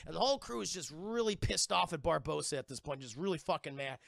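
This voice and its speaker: High, gravelly, bright-voiced streamer. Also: male voice, animated, no room sound, studio quality. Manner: profane, rambling retelling with quick voices. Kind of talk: casual movie recap to chat.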